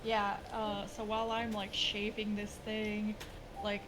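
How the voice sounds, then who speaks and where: A woman's voice: mid-range voice, completely flat delivery, measured pace, noisy background. A woman player in a tabletop game, talking hesitantly with many fillers. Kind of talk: tabletop role-play.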